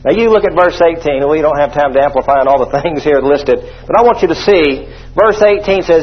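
A man's voice: on the high side, a little fast, hardly any pauses, breathy edge, lo-fi sound, faint music behind. A man preaching a sermon with emphatic delivery, leading the congregation in call-and-response and sprinkling in hallelujahs and amens.

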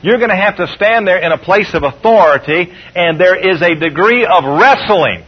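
A man preaching a sermon, leading the congregation in call-and-response and slowing down when he reads scripture. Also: sits high, animated, dull audio.

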